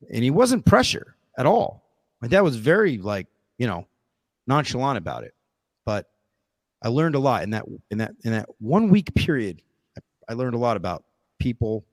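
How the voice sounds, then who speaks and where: Male podcast host, low register, earnest rambling storyteller, dry studio sound. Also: no echo. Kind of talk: casual storytelling.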